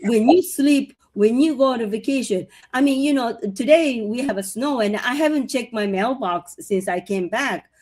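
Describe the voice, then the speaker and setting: A woman's voice: on the high side, normal speed, hardly any pauses. A woman co-hosting a casual podcast chat, talking loosely with lots of fillers and agreeing readily. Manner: chatty, many fillers, warm agreement. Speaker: co-host.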